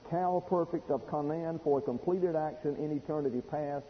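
A man preaching in a folksy, explanatory manner, his voice sitting a little higher than most. The recording is dull and lo-fi. A long reverb trails off behind him, as in a church hall. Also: slight background noise. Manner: folksy, explanatory, slows for emphasis. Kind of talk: expository sermon.

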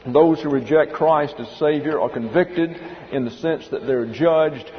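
A pastor preaching verse by verse, stopping to explain the Greek behind the words and telling listeners to note them down. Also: male voice, fairly high pitch, unhurried. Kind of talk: expository sermon. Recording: dull lo-fi recording in a reverberant hall.

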